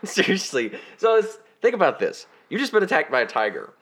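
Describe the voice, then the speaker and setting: A man's voice: a little high, wildly swooping pitch, brisk, fairly bright tone. A man co-hosting a podcast in casual chat, trading jokes and laughing a lot. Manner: laughing, joking banter. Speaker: podcast co-host.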